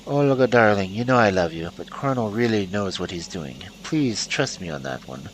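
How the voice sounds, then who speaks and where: A man's voice: on the low side, animated, normal speed, a little hiss or hum, natural voice, poor audio. A man reading the lines of an affectionate, pleading woman in a story game. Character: affectionate woman who says darling.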